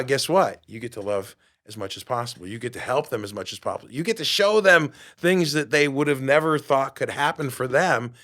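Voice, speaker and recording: A man in his fifties, a podcast host and fitness coach, giving an animated motivational monologue and acting out quoted voices. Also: mid-range voice.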